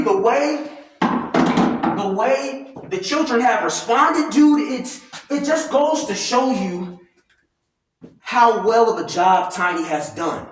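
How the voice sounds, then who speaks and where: A man with a high voice vents in a loud, heated, profane rant. He talks while working out, so his voice comes from far across a room. The room is very echoey. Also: a little hiss or hum. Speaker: commentary vlogger. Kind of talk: ranting commentary while working out. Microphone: no clip-on mic, distant from the recorder.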